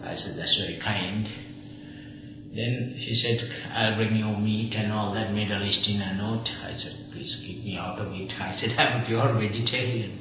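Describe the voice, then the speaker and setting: A man's voice: on the low side, steady tone, normal speed, over music. A man, a Buddhist monk, telling an anecdote to a small group, often chuckling and acting out the other speakers' lines. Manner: chuckling storyteller, acts out dialogue. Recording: echoey dull old tape, faint hiss.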